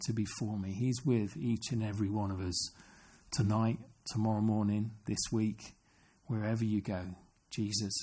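A man's voice: on the low side, a little mellow, breathy edge. A man preaching an earnest sermon, often asking his listeners questions. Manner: earnest, asks the congregation questions.

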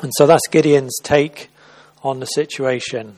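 A man's voice: mid-range voice, fairly even intonation, a little slow, a little mellow. A man giving an informal sermon at a church service, retelling a Bible story in a conversational way and often restarting and repeating words. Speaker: preacher.

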